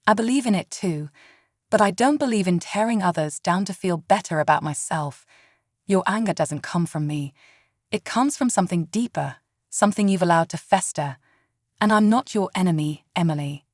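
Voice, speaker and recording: A woman's voice: lowish voice, normal speed, no echo, clean studio sound, close to an everyday voice. A woman narrator voicing a composed woman politician, speaking steadily. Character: calm, dignified woman politician.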